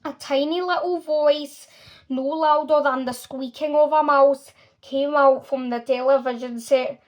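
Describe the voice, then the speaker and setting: A woman reads a children's novel aloud with expressive storytelling. Her voice is high and lively, keeping a clear storybook flow. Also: a little slow. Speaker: reader.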